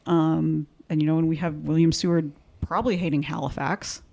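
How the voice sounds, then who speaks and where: Canadian woman cohosting a podcast, kinda gravelly, lots of ums. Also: deep voice, steady tone, dark tone, highs cut off. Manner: chatty, halting with ums and restarts. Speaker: podcast co-host. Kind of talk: casual podcast chat.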